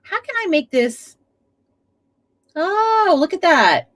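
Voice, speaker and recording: A woman's voice: very high-pitched, sing-song, takes it slowly, a bit bright. A woman hosting a casual live stream from home, chatty, laughing often and swearing freely. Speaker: livestream host. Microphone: webcam setup at a desk.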